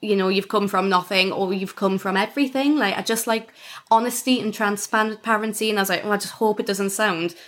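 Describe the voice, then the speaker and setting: A young woman in her twenties, a comedian chatting as an interview guest. Her voice sits at a middling pitch for a woman, and she tells her stories in a lively, rambling way, full of "like" and quick laughs. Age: 20s. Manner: chatty, animated storytelling with frequent "like" and laughter. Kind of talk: casual interview chat.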